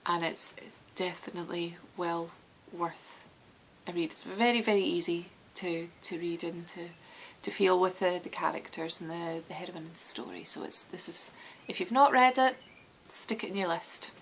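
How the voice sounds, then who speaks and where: A woman's voice: fairly low pitch, moderate pace, gravelly, hardly any pauses, a little hiss or hum, low-quality recording. A Scottish woman hosting a knitting podcast, chatting casually and meandering with lots of restarts and ums. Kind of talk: casual chat.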